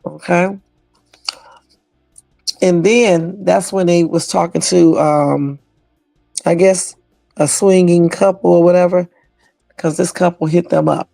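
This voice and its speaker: A man's voice: high-pitched, steady tone, slow pace, vocal fry, pauses often, warm tone, dry recording, soft background music. A man hosting a casual livestream reaction, chatty and swearing freely as he talks at his desktop computer. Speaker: livestream host.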